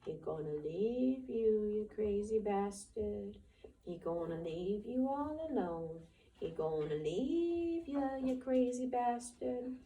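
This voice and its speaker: A woman reading aloud and voicing a giant imagined rabbit that taunts scornfully in a lowered voice. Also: moderate pace, mellow, distant mic, lightly acted, poor audio. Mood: taunting softly.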